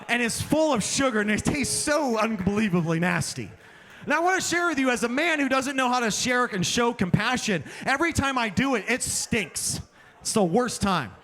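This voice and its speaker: High-voiced male preacher in a reverberant chapel. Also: fairly bright tone. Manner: self-deprecating storyteller, acts out dialogue. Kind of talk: chapel sermon with humorous stories. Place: chapel hall. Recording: long hall reverb.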